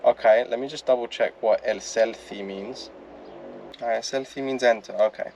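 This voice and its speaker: Blunt, casual male vlogger with a mid-pitched voice who swears freely and stumbles through read-out text, with faint room sound behind. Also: darkish tone, slight background noise. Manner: casual and blunt, swears, halting when reading Greek aloud. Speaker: vlogger explaining traffic rules. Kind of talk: casual explainer chat.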